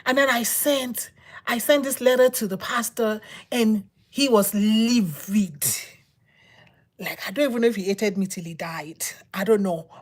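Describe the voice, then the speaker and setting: A woman giving a personal testimony as a sermon, telling her story with repetition and dramatic pauses. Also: on the high side. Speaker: preacher.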